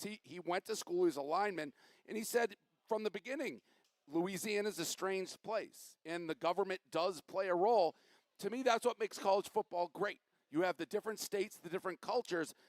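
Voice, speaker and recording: High-pitched, opinionated male panelist. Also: no room sound. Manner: animated, opinionated. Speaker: panelist, former player. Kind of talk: live panel talk show.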